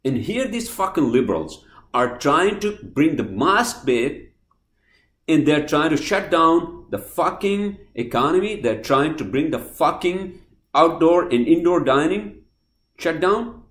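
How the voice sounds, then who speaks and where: A man hosting a podcast, ranting angrily and swearing, swinging from loud outbursts to quiet apologies. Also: fairly high pitch, very animated, a little slow, reverberant. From New Jersey, US. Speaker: podcast host. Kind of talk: heated podcast rant.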